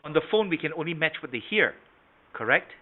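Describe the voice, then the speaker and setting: A man's voice: fairly high pitch, big pitch swings, brisk. Man, sales trainer, online class, checks in with "right?" and "okay?", tinny call audio. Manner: interactive, quizzes participants by name with frequent "right?" and "okay?"; shifts volume and tone to demonstrate matching, from soft to strong. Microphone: video call.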